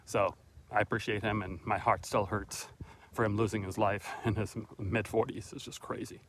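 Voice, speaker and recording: A man's voice: on the low side, steady tone, moderate pace, background noise. A middle-aged man hosting a motivational vlog, talking earnestly and a bit preachy straight to his viewers while out on a walk, recorded on a handheld phone. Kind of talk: casual motivational monologue on a walk. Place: outdoors on a walk, then at his front door. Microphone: phone camera held by the speaker.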